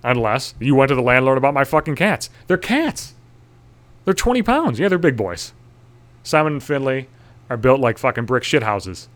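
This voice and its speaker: A man's voice: medium pitch, a little fast, a bit bright. Exasperated man ranting with constant swearing. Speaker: storyteller. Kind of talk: profane comic rant.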